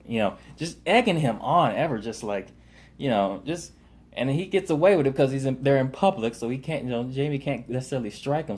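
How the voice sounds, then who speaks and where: A man's voice: mid-range voice, animated, brisk, a little mellow. A man casually recapping a TV episode, rambling with lots of fillers and loosely paraphrased quotes. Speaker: TV show reviewer.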